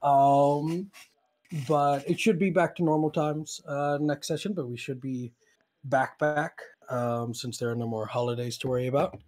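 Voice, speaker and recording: A man's voice: medium pitch, steady tone, a little slow, a little mellow. A man with an English accent running a tabletop horror game as game master, narrating loosely with many fillers.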